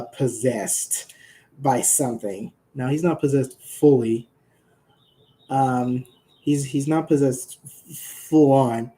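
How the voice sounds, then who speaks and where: Man, unhurried casual chat, warm low-key voice. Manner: rambling, laughing, talks to his cat. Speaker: creator presenting his original characters. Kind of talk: casual rambling chat to viewers.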